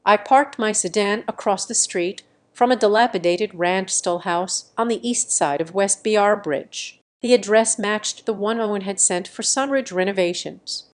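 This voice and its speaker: A woman's voice: medium pitch, moderate pace, few pauses. Woman narrating an intense revenge story. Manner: intense, clipped dramatic delivery. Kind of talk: first-person story narration.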